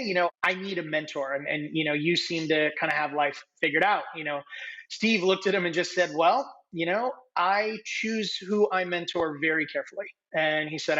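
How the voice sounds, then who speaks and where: A man in his late thirties, a podcast guest telling stories in a casual, animated way and acting out the people he quotes. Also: fairly high pitch, muffled recording. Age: 30s. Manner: animated, acts out quoted dialogue. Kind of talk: casual interview storytelling.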